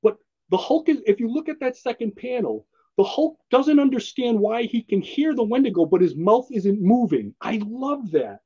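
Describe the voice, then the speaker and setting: Brief: man, fairly high husky voice, enthusiastic rambling podcast co-host. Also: animated, moderate pace, dark tone, lo-fi sound. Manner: enthusiastic, rambling, laughs often. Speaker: podcast co-host presenting a comic. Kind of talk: casual comic book chat.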